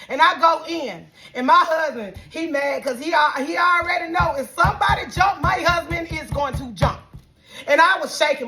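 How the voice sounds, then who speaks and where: A woman's voice: sits high, normal speed, pushed and bright. A woman, telling an angry story about bad customer service. She swears heavily and acts out both sides of the argument. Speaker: vlogger.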